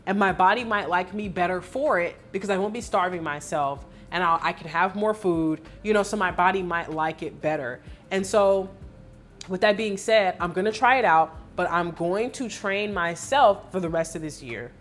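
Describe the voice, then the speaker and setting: A woman fitness coach giving a candid vlog recap, telling her story in an emotional, expressive way with lots of fillers. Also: on the low side, moderate pace, soft background music.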